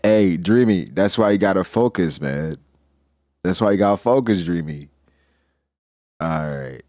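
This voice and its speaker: A man's voice: sits low, expressive, measured pace, a little mellow, dry recording, clean studio sound. A man hosting a casual manga reaction, talking animatedly in heavy street slang and laughing often.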